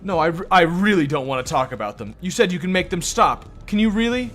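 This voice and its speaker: A man voicing an unstable, paranoid young woman in a game, shrill and accusing. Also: expressive, a little fast, fairly bright tone, faint music behind. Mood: fearful. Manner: frantic, accusing. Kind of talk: reading game dialogue aloud.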